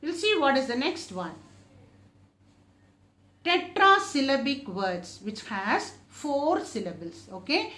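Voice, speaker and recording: Slow, lively woman teacher in an echoey room. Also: sits high. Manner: slow, drawn-out modelling of each word, often repeated; asks the class questions and answers them herself. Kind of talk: recorded English lesson for children.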